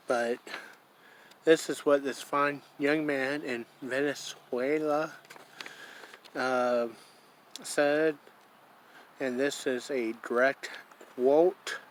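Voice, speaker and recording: A man from Iowa, vlogging casually outdoors, rambling slowly and calling himself by his own name in the third person. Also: mid-range voice, a little hiss or hum. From Iowa, USA. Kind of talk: casual vlog to camera.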